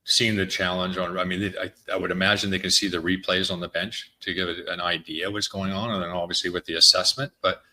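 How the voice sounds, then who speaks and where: A man on a sports podcast, giving measured and slightly hesitant analysis. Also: sits low, level tone, pushed and bright. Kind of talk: casual sports podcast chat.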